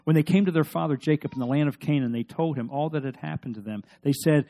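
A man's voice: a little high, quick pace, hardly any pauses, mellow. A man preaching a sermon, reading scripture aloud and stressing points with questions to his listeners. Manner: emphatic, asks the congregation questions. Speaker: pastor.

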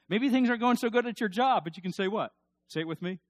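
A man's voice: a little high, fast, dry recording. A middle-aged man preaching a sermon as pastor, building to emphatic bursts and asking the congregation to repeat after him. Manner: preaching with rising emphatic bursts and call-and-response.

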